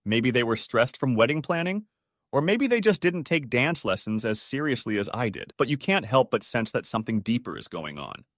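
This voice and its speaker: A man reading online stories aloud as a narrator, with a steady, evenly paced storytelling delivery. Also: mid-range voice, moderate pace, no room sound, studio quality.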